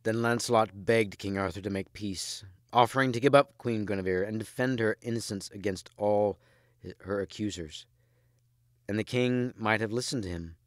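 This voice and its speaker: A man reading a story aloud in steady, measured narration, close on the mic. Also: on the low side, no room sound. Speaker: audiobook reader. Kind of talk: scripted narration.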